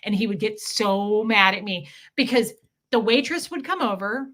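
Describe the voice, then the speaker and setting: Bright-voiced woman chatting on a livestream. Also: mid-range voice, animated, normal speed. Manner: chatty storytelling, acting out dialogue. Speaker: livestream host. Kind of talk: casual livestream chat.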